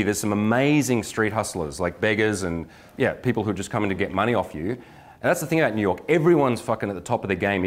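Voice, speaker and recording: Casting: energetic middle-aged male coach, joking, acts out examples, lowish voice. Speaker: dating coach. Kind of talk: live workshop lecture.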